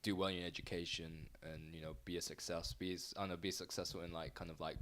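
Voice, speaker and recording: A man's voice: deep voice, flat delivery, fast talker, a bit bright. A man co-hosting a casual podcast, rambling with lots of fillers and hesitations. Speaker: podcast co-host. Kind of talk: casual chat.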